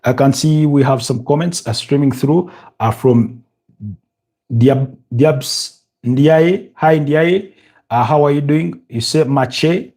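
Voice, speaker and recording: A man's voice: mid-range voice, slow pace. A young man with a Ugandan English accent hosting a live football watch-along, chatting with viewers and calling the action, with lots of fillers and restarts. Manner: many fillers and restarts, rising excitement at goals. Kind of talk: live match commentary and chat.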